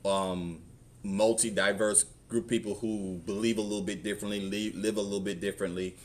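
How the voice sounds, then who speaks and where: A man's voice: fairly low pitch, flat delivery, brisk, a little hiss or hum. A male pastor with a Southern American accent, talking candidly and rambling through personal stories in a conversational sermon.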